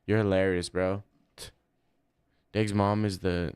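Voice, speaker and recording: A young man on a casual livestream who trades crude, deadpan jabs with his chat. His voice sits a bit low and comes through smooth and clear. It is close to a desk mic in a dry room. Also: normal speed, dry recording.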